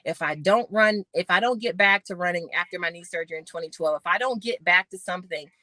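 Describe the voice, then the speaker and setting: A middle-aged woman, a podcast guest and former Olympic sprinter, telling her story with animated retellings of conversations. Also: fairly low pitch, fast, no echo. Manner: animated storyteller acting out quoted voices.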